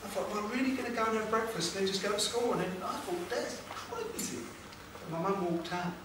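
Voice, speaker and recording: Man telling his story to a room. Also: high-pitched. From England. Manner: emotional, dramatic pauses, rhetorical questions to audience. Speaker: motivational speaker. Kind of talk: storytelling seminar talk. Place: seminar room with audience. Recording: echoey room, distant mic, background noise.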